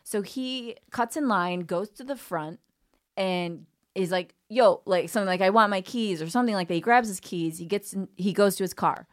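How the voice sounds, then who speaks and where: A woman comedian telling a story on a podcast in a lively, profane way, acting out the people in it. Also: on the low side, normal speed. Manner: animated storyteller who swears freely and acts out quoted people. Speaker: guest comedian.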